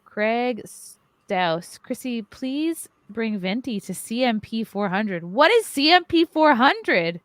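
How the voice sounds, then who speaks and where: A woman's voice: fairly high pitch, big pitch swings, slow, fairly bright tone, dry recording. A woman hosting a podcast, chatting casually and reading viewer comments aloud with wry asides. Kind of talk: casual chat.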